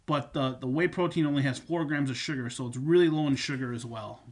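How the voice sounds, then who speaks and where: A man's voice: mid-range voice, brisk. A man coaching viewers on supplements and nutrition, talking casually and repeating his points with fillers. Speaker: fitness coach. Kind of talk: instructional talk on supplements.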